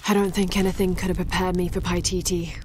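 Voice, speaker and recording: A woman's voice: on the low side, flat delivery, fast talker, darkish tone, a little hiss or hum, natural voice. An actress voicing a young adventurous woman archaeologist in a video game, speaking in an earnest, reflective way. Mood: determined.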